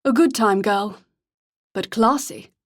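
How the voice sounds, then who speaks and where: A woman's voice: a little high, slow pace. A woman reading the part of a cold, ruthless male gang leader with a clipped, educated English accent and a curt, menacing way of speaking.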